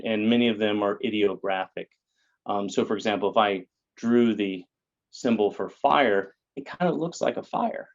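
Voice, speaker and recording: A man's voice: on the low side, highs cut off. A man, a guest in an interview, explaining things in a lecturing way with many fillers and tag questions. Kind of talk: explanatory conversation.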